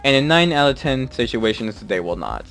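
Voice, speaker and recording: A man's voice: mid-range voice, big pitch swings, normal speed, gravelly, a bit bright, faint music behind. A man giving a scripted, matter-of-fact video game guide voice-over.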